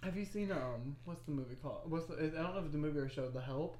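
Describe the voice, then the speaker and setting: A woman's voice: sits low, fast talker, dark tone. A woman co-hosting a casual podcast chat, rambling and laughing easily. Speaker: podcast co-host.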